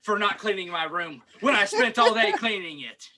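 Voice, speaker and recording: A man's voice: high voice, lively intonation, moderate pace, a loud crowd, poor audio. A young man co-hosting a podcast, chatting casually and rambling with lots of "like" and restarts. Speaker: podcast co-host. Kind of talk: casual chat.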